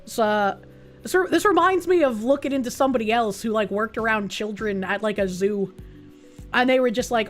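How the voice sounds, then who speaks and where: A woman's voice: a little high, fairly quick, faint music behind. A woman live streamer chatting casually with her viewers, blunt and profane, reacting to things with disbelief.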